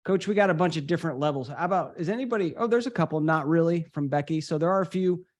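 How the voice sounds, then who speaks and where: A man's voice: a little high, lively intonation, quick pace, a little mellow. A man hosting a live webinar, reading audience comments from the chat in an upbeat, loose way and repeating words as he goes.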